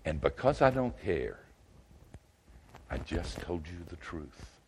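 An older man preaching a sermon in a folksy, wry way, swinging from loud outbursts to hushed asides. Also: low voice, sing-song, takes it slowly, slight background noise.

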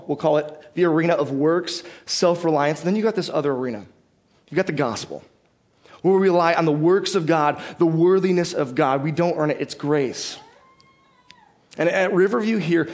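A pastor preaching a conversational sermon in a church, explaining the text and putting questions to the congregation. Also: male voice, on the high side, darkish tone.

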